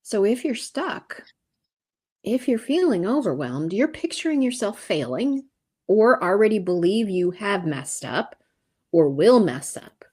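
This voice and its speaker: A woman guest on a podcast, calm and reflective, who turns lively when she tells stories. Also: medium pitch, measured pace, husky. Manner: calm and reflective, turning animated while telling stories. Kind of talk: casual interview chat.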